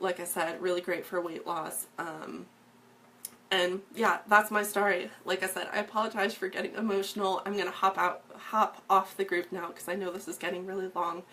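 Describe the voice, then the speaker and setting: Earnest woman with a low voice. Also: a bit bright, slight background noise. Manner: earnest, many ums and restarts. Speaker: fitness coach sharing a testimonial. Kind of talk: casual personal story to camera.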